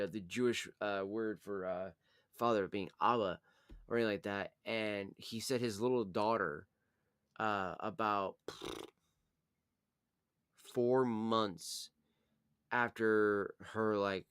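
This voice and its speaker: A man's voice: fairly low pitch, dry recording, studio quality. A young man, hosting his channel, chatting casually, laughing often and swearing freely. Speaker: channel host. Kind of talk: casual chat.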